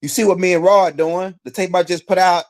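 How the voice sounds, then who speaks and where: A man's voice: high voice, little pitch movement, brisk. A man giving a casual, slangy commentary monologue, challenging his target with repeated rhetorical questions. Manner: casual slangy speech with fillers. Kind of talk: direct-address commentary monologue.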